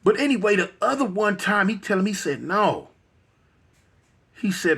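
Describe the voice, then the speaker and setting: Husky high-voiced Los man. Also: big pitch swings, moderate pace, pauses often, a bit bright. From Los Angeles. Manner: vivid retelling that acts out the voices of others; repetitive, with frequent restarts and slang. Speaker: guest. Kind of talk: animated storytelling in an interview.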